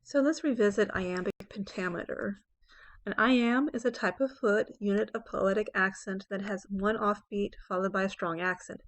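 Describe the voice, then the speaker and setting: A woman English professor giving a lecture on poetry, explaining terms clearly and reading verse lines slowly and dramatically. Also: medium pitch. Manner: checks in with "okay?" and "right?".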